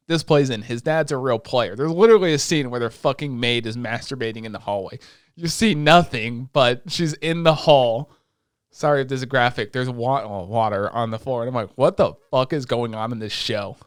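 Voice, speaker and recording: A man co-hosting a podcast, chatting casually and excitedly with plenty of swearing as he retells scenes. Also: medium pitch, no echo, clean studio sound. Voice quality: excitable, profane, retells scenes in quoted voices. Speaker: podcast co-host. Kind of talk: casual chat recapping an anime.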